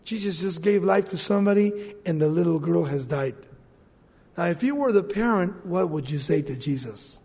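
Male preacher, high voice, animated sermon delivery, acts out scenes, big reverberant hall. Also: normal speed, husky.

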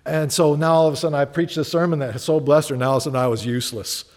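A man, a pastor, preaching a sermon in a conversational, animated way, often acting out little exchanges of dialogue. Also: on the high side, rapid-fire, long reverb tail.

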